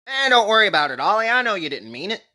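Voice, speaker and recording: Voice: mid-range voice, fast talker. A performer voicing a dry, sarcastic male clay-animation figure who reviews movies. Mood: calm. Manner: deadpan, sarcastic.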